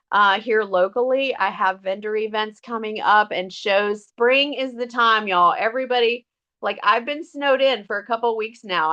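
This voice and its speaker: A woman's voice: fairly high pitch, pushed and bright. A middle-aged woman, talking casually and earnestly to her sales team, with many fillers and restarts. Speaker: direct sales team member. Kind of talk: casual motivational talk. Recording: dull lo-fi audio.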